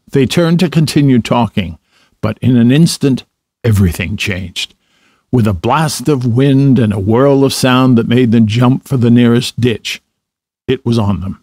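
Slow, measured male storyteller. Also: medium pitch, darkish tone, dry recording, clean studio sound. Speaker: narrator. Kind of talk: children's storybook narration.

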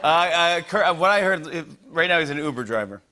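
Late-night host, male, forties, bright, lifted voice, animated storyteller who acts out dialogue. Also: a little high, fairly quick. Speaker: talk show host. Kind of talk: late-night talk show chat. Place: TV studio.

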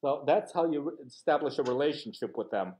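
A man's voice: a little high, expressive, a little fast, a little mellow. A man teaching a Bible study class as pastor, talking conversationally, asking rhetorical questions and acting out short exchanges. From United States. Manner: acts out short quoted exchanges.

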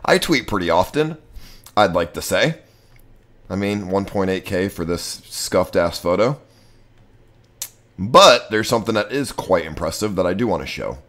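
A young man live-streaming in casual, profane chat, talking to himself excitably. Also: low voice, normal speed, pauses often.

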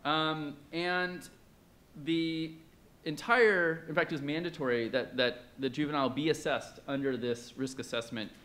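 A man's voice: a little high, fairly even intonation, a little slow, fairly bright tone. A man presenting at an academic conference in a conversational way, with many fillers and questions put to the audience.

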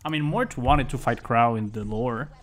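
A young man commentating his own gameplay live, joking and swearing excitably. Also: medium pitch, normal speed. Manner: excitable, swears often, jokey. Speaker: streamer.

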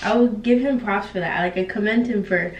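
A woman's voice: medium pitch, a little fast, reverberant, far from the mic, a little hiss or hum. A young woman chatting casually on a home vlog, laid-back and slangy, laughing often. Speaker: vlogger.

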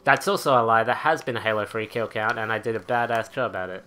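A man as a gaming channel host, ranting over his gameplay in a bright, forceful voice. His speech is profane and exasperated, swinging between griping and outbursts. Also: lowish voice, fast talker. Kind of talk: angry gameplay rant.

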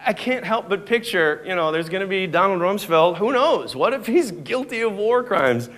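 An American comedian performs live stand-up to a theater crowd. His voice sits high and light for a man. He talks with animated energy and keeps dropping into mock voices and snippets of Dutch. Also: normal speed. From United States. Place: theater stage before a laughing audience.

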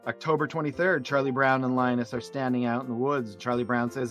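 A middle-aged man hosting a podcast, narrating comic strips aloud in an animated way. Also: medium pitch, a little fast, few pauses, soft background music. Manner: animated narration, frequent laughs. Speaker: podcast host.

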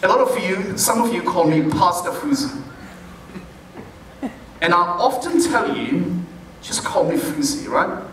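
Brief: man pastor preaching slowly and playfully in a big echoey church hall, heard from a distance. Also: high-pitched, animated, noisy background. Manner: deliberate, playful, chuckles while preaching. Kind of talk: sermon. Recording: very echoey hall, mic far off.

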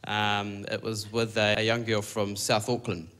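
A young man with a New Zealand accent doing a stand-up comedy set, deadpan and halting, with many fillers. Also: lowish voice. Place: comedy stage before a laughing audience. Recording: clear audience noise behind.

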